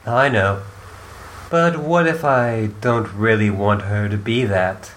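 A woman voicing a calm, formal, dryly witty young female troll in a fan reading of chat logs. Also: rumbling low, slight background noise. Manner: measured, formal wording with dry humor.

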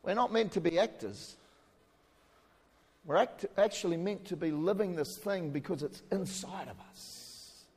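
Delivering a sermon with a New Zealand accent, this man speaks in a casual, conversational way, cracking jokes on the side and shouting for emphasis. His voice is high, husky, and a little slow, with hall reverb on the recording.

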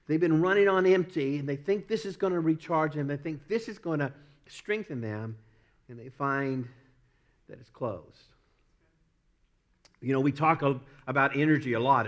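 A man's voice: on the high side, fairly bright tone. A man with a Southern US accent delivers a sermon in a slightly raised voice. He preaches earnestly, repeating phrases for emphasis and laughing at himself now and then. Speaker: pastor.

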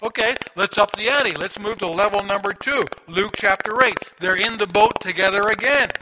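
A man preaching a sermon in a conversational, animated storytelling manner, asking the listeners questions. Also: high voice, moderate pace. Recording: audible background noise.

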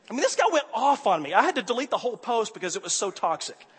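A man preaching a sermon, telling a personal story with animated swings from quiet to loud exasperation. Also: sits high, a little fast, pauses often, breathy edge. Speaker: pastor. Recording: hall reverb.

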